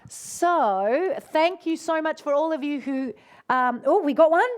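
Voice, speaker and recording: A woman's voice: high voice, expressive, measured pace. A woman hosting a live online session, effusive and encouraging, who calls her viewers darling and often gasps and cheers. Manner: affectionate, calls people darling. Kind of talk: live-streamed casual talk to viewers.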